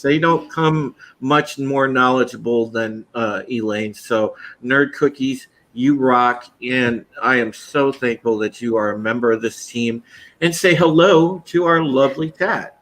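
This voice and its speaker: Male podcast host, bright and forceful tone, chatty and upbeat, casual live-stream chat. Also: mid-range voice. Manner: upbeat, chatty, laughs often.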